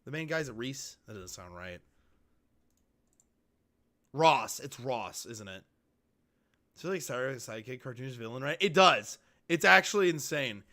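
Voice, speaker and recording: A young man giving casual reaction commentary to a video, excitable and swearing. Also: medium pitch, moderate pace, long pauses. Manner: excitable, swearing, breaking into loud outbursts.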